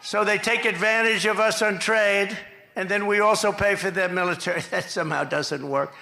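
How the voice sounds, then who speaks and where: A man's voice: high voice, fairly even intonation, normal speed, creaky, pushed and bright. A man giving a campaign rally speech outdoors into a podium microphone, rambling and repeating himself with mocking asides. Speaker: political speaker at a campaign rally. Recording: echoey rally PA sound.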